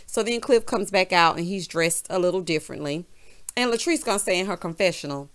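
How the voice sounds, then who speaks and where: A sassy woman with a Southern US drawl dishes on a reality show like she's gossiping with friends. She keeps tossing in "honey" and "child" with lively, animated delivery. Her voice sits at an ordinary middle pitch for a woman. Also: moderate pace. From American South. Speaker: reality TV recap vlogger. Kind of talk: casual sassy recap chat.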